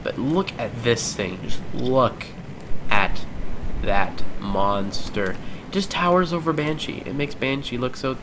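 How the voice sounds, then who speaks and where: A man's voice: medium pitch, animated, measured pace. A young man from Ohio with an Ohio accent, chatting and rambling casually while streaming a coaster simulator, laughing often. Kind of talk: casual live-stream commentary. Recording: loud background noise.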